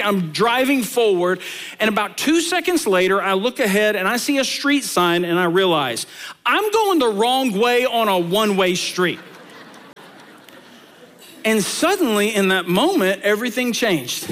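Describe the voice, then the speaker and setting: A man preaching a sermon as pastor, talking to the congregation in a conversational way, asking rhetorical questions and telling lively stories. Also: sits high, normal speed. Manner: animated storytelling.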